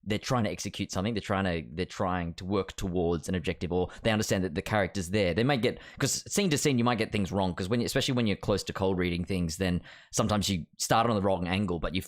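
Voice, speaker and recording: A young man hosting a casual chat, thinking out loud in a measured way. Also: sits low, no echo, studio quality. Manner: thoughtful, measured, hesitant fillers. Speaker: host.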